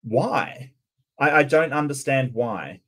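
A man's voice: medium pitch, expressive, slow, a bit bright. A man in the middle of his range talks casually through a reaction video. He questions each point with open disbelief, often restarting his sentences as he goes. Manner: incredulous, questioning, with frequent restarts. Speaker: commentary host.

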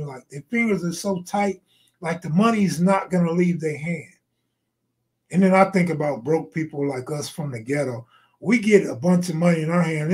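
A man's voice: fairly high pitch, a little mellow. A middle-aged man hosting a live stream, telling rambling, profane stories in casual slang and stopping to answer viewer comments. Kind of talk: casual freestyle storytelling.

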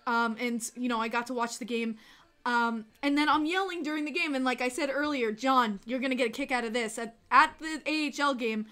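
Excitable high-voiced woman streamer. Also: fairly quick. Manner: excitable, laughs often, swears casually. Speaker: livestream host. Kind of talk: casual livestream chat.

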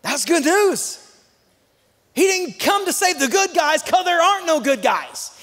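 A man preaches in a church auditorium. His voice sits very high and swoops animatedly up and down, with emphatic refrains and sudden loud bursts. The sound carries the long reverb of a large hall. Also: sing-song, unhurried. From Texas. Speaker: guest pastor. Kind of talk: sermon.

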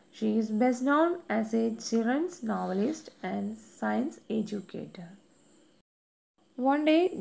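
A woman teaching a story lesson to children, slowly retelling a chapter and explaining the meaning of words. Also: on the high side, gravelly, warm tone. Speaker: English teacher. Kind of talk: slow classroom story lesson.

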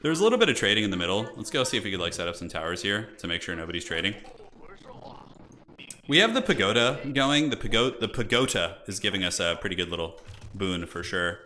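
A man's voice: on the low side, very animated, quick pace, pushed and bright. A young man streaming a strategy game, chatting casually and thinking aloud as he plays. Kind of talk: casual gameplay commentary.

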